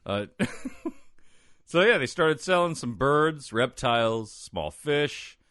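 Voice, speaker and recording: A man hosting a casual comedy podcast, telling a story in an animated way, swearing and laughing often. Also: medium pitch, slow, dry recording, studio quality.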